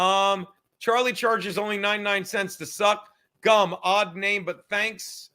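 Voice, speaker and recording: A man's voice: high-pitched, fairly even intonation, a little slow, pushed and bright, clean tone. A man hosting a casual podcast livestream, reading chat aloud with profane, rambling, self-mocking talk while fumbling to light a cigar.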